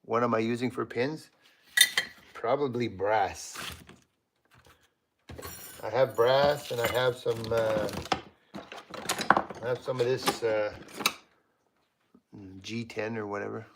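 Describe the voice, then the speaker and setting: A man's voice: medium pitch, fairly even intonation, slow, long pauses, heavy background noise. A Canadian man hosting a live stream from his home workshop, chatting casually and greeting viewers by name while he works. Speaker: livestream host.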